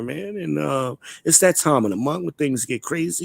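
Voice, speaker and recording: A man's voice: a little high, animated, normal speed, gravelly, few pauses, dry recording. A man from Charlotte hosting a live online talk show, talking in a blunt, profane, swaggering, opinionated way. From Charlotte, United States. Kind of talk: casual opinionated chat.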